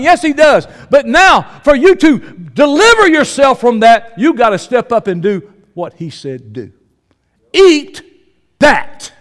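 Older man, preacher, sermon, high voice, very animated, folksy storytelling, long church reverb. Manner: animated folksy storytelling, swinging between shouts and low asides.

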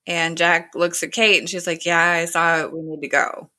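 A woman's voice: on the low side, level tone, normal speed, bright, forceful tone. A woman casually retelling a TV episode scene by scene, quoting the characters with "he's like" and "she's like". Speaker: show recapper.

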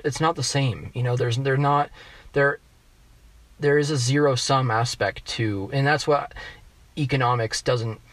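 A man with a general American accent, a guest in a casual interview, talking in halting bursts full of restarts and fillers as he thinks aloud. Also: mid-range voice, a bit bright, no echo. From United States. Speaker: guest economist.

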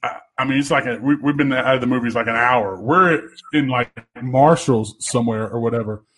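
A man's voice: mid-range voice, brisk, a bit bright, slightly rough. A man hosting a casual chat, telling rambling, profane stories and laughing often. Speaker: podcast host.

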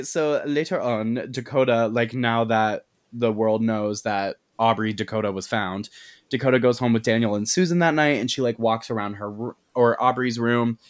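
A young woman casually retelling a movie plot as a podcast guest, chatty and giggly, acting out the characters' lines. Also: a bass voice. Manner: chatty, giggly, acts out quotes in voices.

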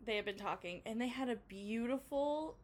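A woman's voice: fairly high pitch, moderate pace. A young woman from Canada co-hosting a laid-back podcast. She tells stories in a playful way and drops swear words casually. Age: young adult. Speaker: podcast co-host. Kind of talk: casual chat.

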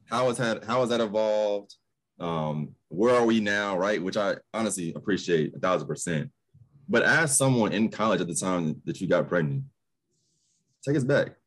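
A man in his thirties from Ohio hosting a podcast, relaxed and slangy, asking questions and swearing casually. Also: lowish voice, moderate pace. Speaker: podcast host.

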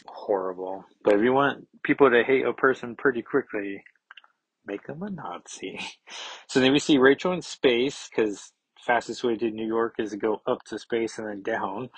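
Husky man rambling through a comic review. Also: medium pitch, measured pace, no echo, poor audio. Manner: rambling, chatty, lots of "like", joking asides. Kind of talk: casual comic review commentary.

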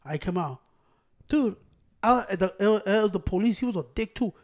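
High-voiced man telling a profane story. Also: brisk. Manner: profane, animated, acts out quotes. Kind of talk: casual storytelling among friends.

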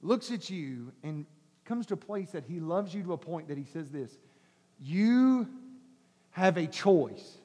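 A man pastor preaching an animated sermon, swinging between shouts and soft coaxing as he acts out voices. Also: on the high side, moderate pace, slightly rough. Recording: long hall reverb.

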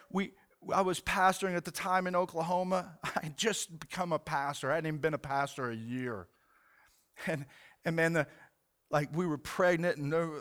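Male pastor, 40s, high smooth voice, earnest, halting sermon delivery. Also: fairly bright tone. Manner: earnest, halting, repeats words, says "man" often.

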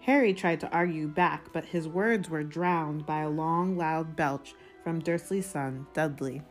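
A woman reads a novel aloud with a very low voice. She takes a measured, deliberate pace through the narration. Faint music sits behind her. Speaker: reader.

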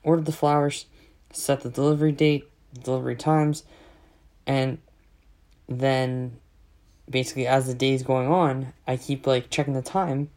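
Man, mid-pitch, sarcastic profane ranter, casual vlog delivery. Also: little pitch movement, a little slow, pauses often, a little mellow. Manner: exasperated, sarcastic, heavy swearing.

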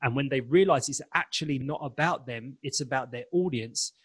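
This man's husky, mid-range voice moves at a moderate pace as he's interviewed on an animated podcast. He's a guest coaching confidence and presentation, talking with emphasis and performing snippets of inner dialogue.

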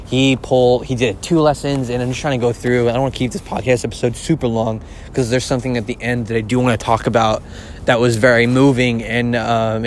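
Man, podcast host, casual rambling recap, lots of swearing, gushing, medium pitch, faint vehicle rumble behind. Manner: rambling and profane, heavy use of filler words; excitable, gushing.

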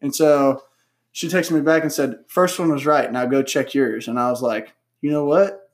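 A man co-hosting a casual podcast, telling stories with loud, excited quotes and plenty of swearing. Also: medium pitch, moderate pace. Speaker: podcast co-host. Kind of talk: casual chat.

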